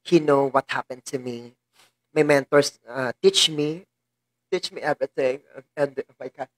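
A Filipino-accented woman vlogging in casual chat, tearful and emotional, talking haltingly and laughing through her tears. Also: very deep voice, dry recording.

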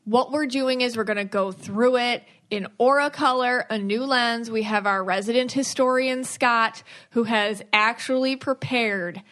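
A woman's voice: on the high side, a little slow, hardly any pauses, fairly bright tone. A woman hosting a podcast in casual chat, playful and chatty, laughing often. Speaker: podcast host.

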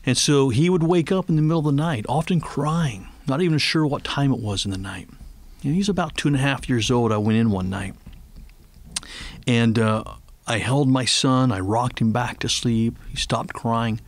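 A middle-aged man, a ministry leader and guest on a faith radio interview, speaking earnestly and tenderly, slowing down when he prays aloud. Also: mid-range voice.

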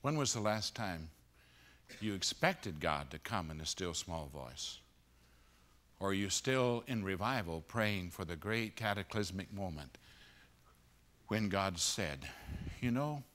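A man preaching a sermon at a conference, moving between loud emphatic peaks and hushed low passages. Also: animated, slow pace, pauses often. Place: conference auditorium.

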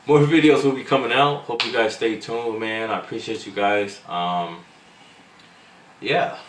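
A man talking casually to his viewers in a vlog, halting and slangy, filling pauses with "um" and calling them "bro" and "man". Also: on the low side, fairly bright tone. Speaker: vlogger. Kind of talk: casual heartfelt vlog talk. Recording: echoey room, mic at a distance, faint background noise.

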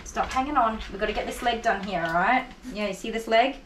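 A woman's voice: on the high side, brisk, background noise. A woman grooms a dog, coaxing it with soothing, repetitive praise and chatty asides to viewers. Her voice rings in an echoey room over a faint buzz of clippers. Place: grooming salon. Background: electric clippers buzzing.

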